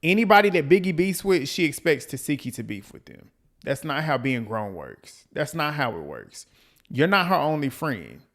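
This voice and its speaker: Animated man ranting through a recap. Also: fairly high pitch, moderate pace. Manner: animated, blunt, profane, repeats lines for emphasis; quotes people in mimicking voices. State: out of breath. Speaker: reality TV recap host. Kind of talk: casual commentary recap.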